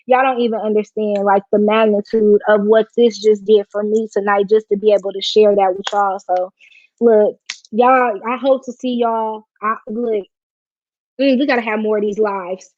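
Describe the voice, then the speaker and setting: A woman's voice: medium pitch, steady tone, moderate pace, darkish tone. A woman hosting a casual live stream, talking in a heartfelt, slangy way while close to tears. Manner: emotional and heartfelt, slangy and informal. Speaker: livestream host. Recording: dry, slightly dull lo-fi stream audio.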